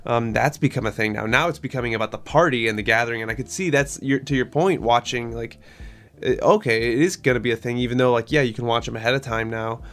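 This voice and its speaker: A man's voice: mid-range voice, fast talker, fairly bright tone. A man in his thirties in a casual chat, rambling with many fillers and self-mocking jokes. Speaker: podcast co-host.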